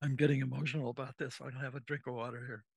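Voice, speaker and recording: A man's voice: mid-range voice, level tone, rapid-fire, creaky, slightly rough, no room sound. A man, a former navy officer, telling a rambling, casual story as a podcast guest and acting out the lines of the people in it. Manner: rambling, acts out quoted dialogue.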